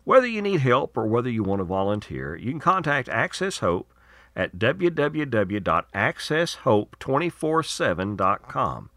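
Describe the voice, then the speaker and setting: A man's voice: mid-range voice, sing-song, moderate pace, a bit bright, no echo. A man hosting his radio show, reading segments and promos in a folksy, earnest, persuasive way.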